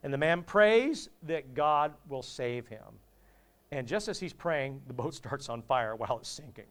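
A man's voice: mid-range voice, lively intonation, measured pace. A male pastor preaching a sermon in a humorous, conversational way, often asking the congregation questions.

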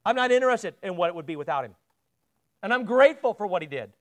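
A man's voice: sits high, big pitch swings, fast talker. A man preaching a sermon in a church, talking casually and asking the congregation questions, often repeating words as he presses a point.

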